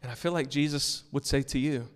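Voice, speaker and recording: A man's voice: mid-range voice, brisk. Emphatic preaching man in echoing church. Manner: emphatic, earnest preaching with storytelling asides. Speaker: pastor. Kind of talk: sermon. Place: church sanctuary with a congregation.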